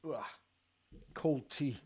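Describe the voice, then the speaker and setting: A Scottish man hosting a live football watch-along from a studio, reacting excitedly to the play and chatting about viewers' comments. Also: mid-range voice, extremely slow, breathy edge.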